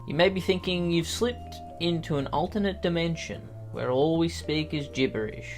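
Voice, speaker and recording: A man's voice: on the high side, moderate pace, soft background music. A man hosting a comedic online video, talking in a sarcastic, self-mocking, joking way. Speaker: YouTuber host. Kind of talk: comedic vlog commentary.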